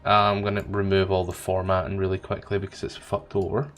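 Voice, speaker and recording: A man's voice: low-pitched, a little fast, soft background music. A man running a tabletop game as game master, chatting casually and laughing while sorting out the players' items. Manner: relaxed, laughs often, talks while doing admin.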